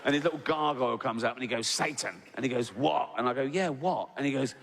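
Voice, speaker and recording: On a large theatre stage, a middle-aged stand-up comedian talks fast in a mid-range, slightly bright voice. He swears a lot and acts out both sides of arguments in raised voices, recorded live in a reverberant hall with audience noise.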